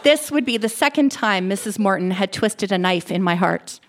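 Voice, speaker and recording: Woman reading a dark story aloud. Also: medium pitch, animated, moderate pace, noisy background. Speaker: reader.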